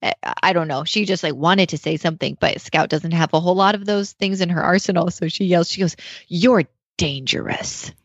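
A woman host chats about her young daughter in a lively, storytelling way. Her voice sits a little low, and the recording is dry and slightly dulled. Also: quick pace, hardly any pauses, dry recording, highs cut off. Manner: chatty storytelling with laughter. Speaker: podcast host and mother. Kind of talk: casual podcast chat.

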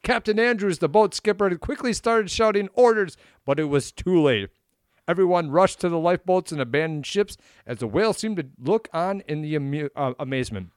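A man with an Upper Midwest accent, co-hosting a casual podcast, muttering at equipment and reading a story aloud haltingly. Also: high-pitched, animated, smooth, no room sound, studio quality. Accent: Upper Midwest American. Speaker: podcast co-host. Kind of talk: casual chat.

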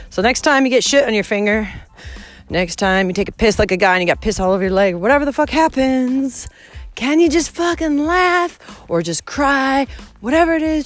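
A young woman talking to her podcast listeners in a blunt, profane, rambling monologue that swings between loud outbursts and quiet asides. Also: high-pitched, moderate pace, faint music behind. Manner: profane, blunt and excitable, with big swings in loudness. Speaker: podcast host and hiker.

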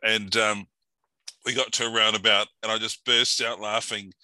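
A male host with a low, very bright, forceful voice chats and tells stories easily. The sound is dry and close. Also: little pitch movement, normal speed, dry recording, rough recording. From New Zealand. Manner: chatty, laughing storyteller. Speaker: interviewer, host. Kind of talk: casual interview chat and anecdote.

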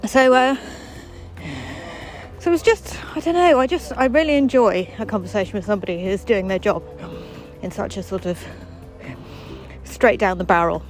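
A woman's voice: mid-range voice, normal speed, pauses often, soft background music, poor audio. A woman hosting a daily walking podcast, chatting in a wry, self-deprecating way outdoors on a footpath. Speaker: podcast host. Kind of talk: casual chatty monologue while walking.

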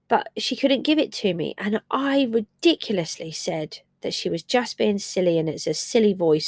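A woman's voice: medium pitch, expressive, normal speed, hardly any pauses, a little mellow, no echo, clean studio sound. A middle-aged woman hosting a personal podcast, telling a story about her family in a candid, emotional, reflective way. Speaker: podcast host and parent.

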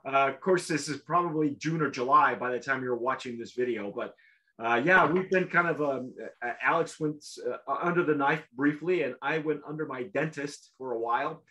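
A man hosting a casual tasting show, talking in a rambling, halting way with lots of restarts. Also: medium pitch, bright, forceful tone. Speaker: show host.

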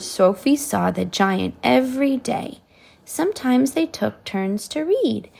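Slow, gravelly woman reading aloud. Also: a little high. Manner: slow, soft storytelling with whispered asides. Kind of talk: reading a picture book aloud to a child.

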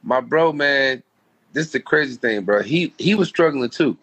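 A man's voice: medium pitch, animated, moderate pace, fairly bright tone, slightly rough. A man being interviewed as a guest, telling a personal story in a heartfelt, rambling, slangy way. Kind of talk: casual storytelling.

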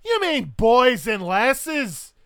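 A man voicing a small, fierce, brash woman in a tabletop game, loud and teasing with drawn-out words. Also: extremely high pitch, big pitch swings, clean tone, dry recording, studio quality, voice pushed up, heavily acted. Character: tiny brash woman, a highlander's fierce wife.

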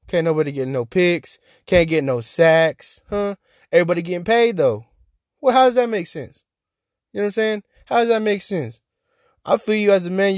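A man with a slightly high voice rants through a casual solo podcast, fired up and repeating himself for effect. His voice is close and dry, with no room sound around it. He talks loosely, like he is venting to friends. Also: no room sound. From Texas. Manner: animated, ranting, repeats "you hear me?". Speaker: podcast host.

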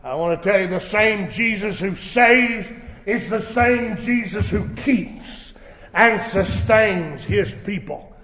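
A man preaching a sermon, swelling into shouted emphasis, recorded in a church sanctuary. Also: high-pitched, slow. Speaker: pastor. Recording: echoey church hall.

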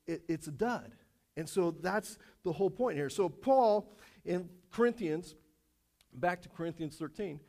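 A male pastor giving a sermon in a casual, joking, animated way, telling stories to the congregation. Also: high voice. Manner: casual, animated storytelling with jokes.

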